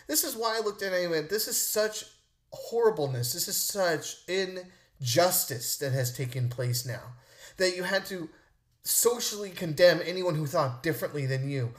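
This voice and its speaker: A man's voice: high voice, a bit bright. A man hosting a podcast, ranting indignantly and mimicking others in mocking voices. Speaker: podcast host. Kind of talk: opinion rant monologue.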